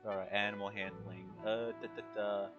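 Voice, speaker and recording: A woman's voice: extremely low pitch, fairly even intonation, moderate pace, dull audio, faint music behind. A woman playing a tabletop game, casual and joking, with some swearing. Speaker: player.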